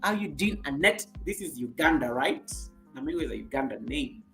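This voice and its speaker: A woman's voice: a bass voice, animated, fairly quick, vocal fry, soft background music. A woman from Kenya with a Kenyan accent, hosting a casual live stream and chatting with viewers, laughing often and repeating herself.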